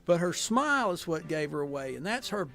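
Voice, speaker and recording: A man, giving a gentle, folksy talk on a family art tour and pausing often with fillers. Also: a little high, very animated, vocal fry.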